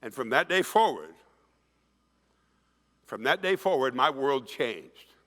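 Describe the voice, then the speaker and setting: A man in his sixties giving an emphatic keynote speech, telling stories to an audience in a conference hall. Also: mid-range voice. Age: 60s. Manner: animated, emphatic storytelling, acts out quoted voices. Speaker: keynote speaker. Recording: long reverb of a large hall.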